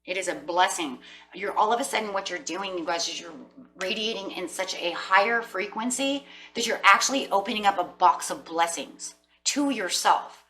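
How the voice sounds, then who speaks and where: A woman's voice: mid-range voice, normal speed, bright, forceful tone, far from the mic, low-quality recording. A woman giving an earnest, encouraging tarot reading, talking straight to her viewers. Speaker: tarot reader. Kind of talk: casual motivational tarot reading.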